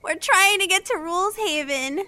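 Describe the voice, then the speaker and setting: A woman's voice: very high-pitched, moderate pace, sharp tone, no room sound. A woman playing a tabletop game, earnest and a little exasperated. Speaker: player. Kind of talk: tabletop role-play.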